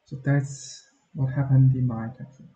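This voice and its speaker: A tired, frustrated man with a Chinese accent mutters to himself in a slow, dark, flat voice. He talks unhurriedly while he works through a casual vlog. The voice sits in an echoey room. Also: medium pitch. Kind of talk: casual screen-recording vlog.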